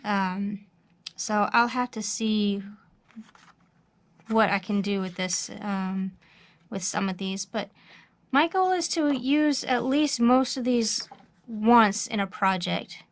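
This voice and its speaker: A middle-aged woman in a casual show-and-tell vlog, chatty and relaxed, with plenty of ums. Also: medium pitch, slow pace, long pauses. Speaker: craft channel host. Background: pressure washer outside.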